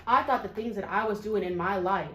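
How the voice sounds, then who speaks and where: A woman co-hosting a podcast, talking in an earnest, expressive way and laughing easily. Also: medium pitch, fairly quick, roomy sound, poor audio. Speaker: podcast co-host. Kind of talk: casual chat.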